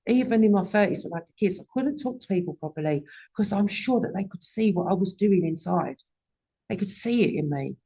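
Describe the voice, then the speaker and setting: A woman speaks at a recovery meeting. Her personal testimony is raw and blunt, with frequent swearing. She sits in the middle of the usual pitch range for a woman. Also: lively intonation, brisk, mellow, husky. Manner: raw and candid, swears often.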